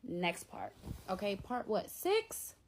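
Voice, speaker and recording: A young woman telling a storytime vlog at home, talking in lively slang and acting out the lines she quotes. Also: mid-range voice, slow, slight background noise. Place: at home, bedroom.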